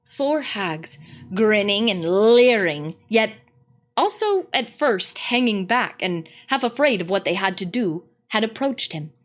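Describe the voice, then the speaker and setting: Female storybook narrator, expressive and dramatic, unhurried, animated pitch. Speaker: read-aloud host. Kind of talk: storybook read-aloud narration.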